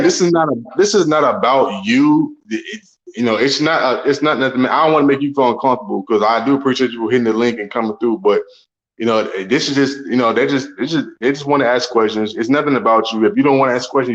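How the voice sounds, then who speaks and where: A man's voice: medium pitch, fast. Man, stream panel host, laid-back and blunt, muffled lo-fi sound. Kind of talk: casual live stream panel talk.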